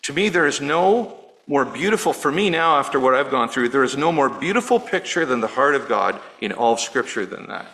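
A middle-aged male pastor preaching a sermon in an earnest, personal way, dropping low and quiet on words of grief. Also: lively intonation, a little fast, low-quality recording. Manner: earnest, personal, softening to near-hush on grief.

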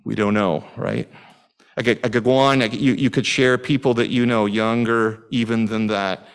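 A man's voice: lowish voice, fairly even intonation, normal speed, clear, resonant tone. A middle-aged man from Canada preaching a sermon, asking the congregation questions in a conversational way with frequent restarts. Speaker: pastor.

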